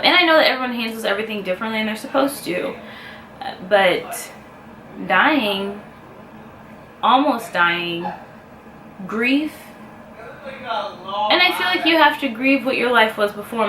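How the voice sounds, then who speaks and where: A woman speaking to camera in a personal vlog, emotional and heartfelt, pausing often as she talks. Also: mid-range voice, sharp tone. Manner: emotional, heartfelt, halting with pauses. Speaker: vlogger. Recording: echoey room with faint ambient noise.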